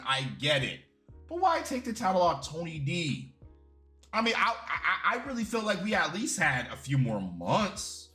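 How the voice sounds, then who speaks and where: A man reviews a wrestling show in a casual, animated way, full of swearing and strong opinions. His voice is bright and sits a little high, with faint music behind him. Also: normal speed.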